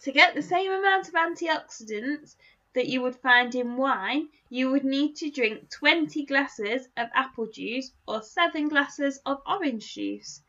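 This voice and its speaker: A woman, co-hosting a podcast, self-deprecating and reading aloud haltingly. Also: sits high, lively intonation, pushed and bright, lo-fi sound. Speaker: podcast co-host. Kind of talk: casual chat.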